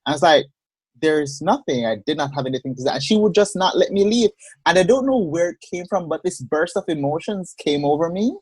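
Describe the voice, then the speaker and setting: A man, a podcast guest on a video call, telling a personal story in a measured, expressive way. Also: fairly high pitch, breathy edge, dry recording. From Jamaica. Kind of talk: personal storytelling in a casual interview.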